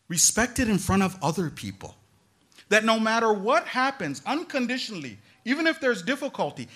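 Lively, bright-voiced woman lecturer. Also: lowish voice. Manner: animated, talks straight to the audience with frequent asides. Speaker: religious lecturer. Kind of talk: lively religious talk to a gathering.

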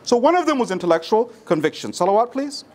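A man's voice: high-pitched, big pitch swings, quick pace. A man preaching a sermon to a congregation, using rhetorical questions and repetition. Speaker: religious speaker.

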